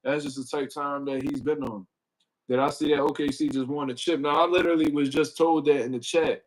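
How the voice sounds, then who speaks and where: A little fast and fairly even in intonation, a man with a fairly high pitch hosts a casual boxing stream on a low-quality recording. He rambles in profane slang, fills gaps with "you know what I mean," greets the chat, and moves his desk mic closer.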